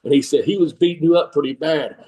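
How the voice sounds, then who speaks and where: An older man with a drawl spins a long, rambling story in a relaxed interview. His voice sits a bit high for a man, and he keeps breaking into laughter as he acts out the fans he quotes. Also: fast talker, far from the mic, rough recording. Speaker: guest, former pro wrestler and trainer.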